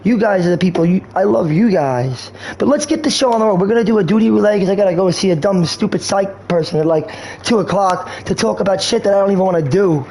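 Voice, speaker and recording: Slangy high-voiced male streamer. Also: fast, darkish tone, slight background noise. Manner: slangy, rambling, erratic. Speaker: game streamer. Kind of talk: rambling casual stream talk.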